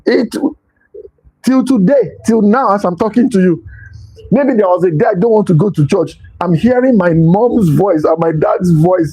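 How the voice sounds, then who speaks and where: A man's voice: high-pitched, normal speed, warm tone, slightly rough, soft background music, poor audio. A man giving a motivational talk as host, stressing points by repeating them. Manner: emphatic, repeats key phrases.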